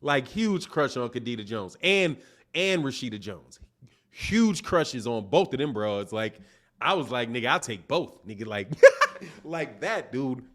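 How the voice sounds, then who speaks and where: A man's voice: mid-range voice, big pitch swings, unhurried, a bit bright. A man hosting a boxing channel livestream, ranting casually in slangy, profane, mocking talk and laughing often.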